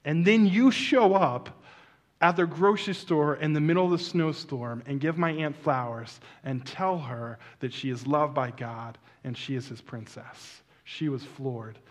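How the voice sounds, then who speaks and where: A male pastor telling a story in a sermon, acting out the people in it with lively voices and laughter, then closing softly and earnestly. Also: mid-range voice, normal speed, few pauses.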